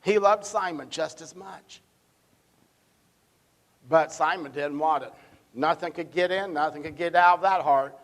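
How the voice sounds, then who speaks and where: A male pastor preaching a sermon in church, emphatic and given to repeating words, swinging between loud stresses and hushed asides. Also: fairly high pitch, measured pace, long pauses, big-room sound. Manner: repeats words when building a point. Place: church sanctuary.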